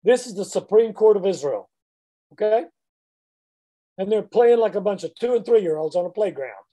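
Bold exasperated preacher, incredulous asides, warm low tone, put on by a male teacher. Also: lively intonation, moderate pace. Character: the apostle Paul, a bold exasperated man.

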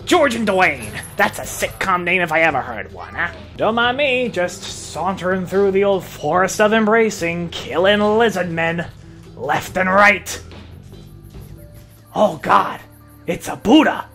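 Excitable, lively-pitched man playing a game. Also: unhurried, faint music behind. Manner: excitable, profane, laughing and shouting at the game. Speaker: gaming video host. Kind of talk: let's-play commentary.

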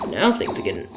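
A woman giving playful, exasperated commentary over her gameplay, and her voice rises and falls a lot. She chats to the characters on screen and breaks into yelps now and then. The room sounds roomy, with game music playing clearly behind her. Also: fairly high pitch, lo-fi sound. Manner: bursts into yelps and laughs. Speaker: gaming video creator.

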